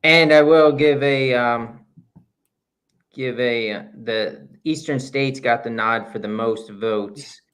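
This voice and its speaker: A man's voice: medium pitch, slow pace, a bit bright. A man co-hosting a podcast in easygoing chat, with a mid-range voice. He talks in a laid-back way and stops and restarts his sentences as he thinks. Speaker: podcast co-host.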